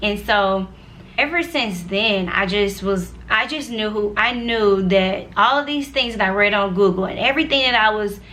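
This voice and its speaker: A young woman in her twenties talks straight to her viewers, telling her story in a chatty, earnest way. Her voice is bright and clear at an ordinary pitch, and she speaks with plenty of "like"s and friendly asides. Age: 20s. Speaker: vlogger sharing her faith testimony. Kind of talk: casual personal testimony.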